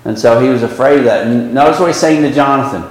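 A man's voice: mid-range voice, quick pace. A man leading a small Bible study class, talking casually with many fillers and restarts. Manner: conversational, with frequent fillers and restarts. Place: church classroom with a small group. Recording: very echoey room.

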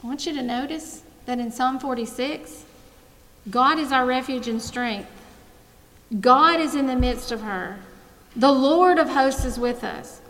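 A woman's voice: high-pitched, a little slow, fairly bright tone. A middle-aged woman giving an earnest devotional talk and prayer to a women's gathering, swelling her emphasis on key phrases. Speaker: women's ministry speaker. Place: room with women listeners. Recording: echoey hall, faint ambience.

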